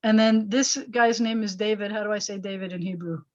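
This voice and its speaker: Female rabbi and teacher, patient and explanatory, mid-pitched voice, slightly muffled video-call sound. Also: steady tone, brisk. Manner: patient, explanatory, asks students questions. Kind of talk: online Hebrew lesson.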